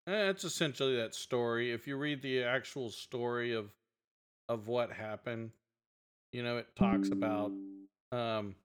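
A man on a podcast who keeps the chat going with quick, agreeable replies. He turns lively and animated when he tells his own stories. His voice sits at an ordinary pitch for a man. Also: clean tone. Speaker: podcast co-host. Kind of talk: casual chat.

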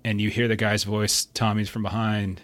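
A man narrating a tabletop game as game master in a relaxed, descriptive way, full of casual fillers. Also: fairly low pitch, normal speed.

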